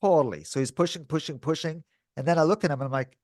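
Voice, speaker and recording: A man co-hosting a podcast in casual chat, telling a story in a lively way and acting out the voices of the people in it, often saying dude and bro. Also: fairly high pitch, very fast, dry recording, studio quality. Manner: animated, acts out quoted dialogue. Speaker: podcast co-host.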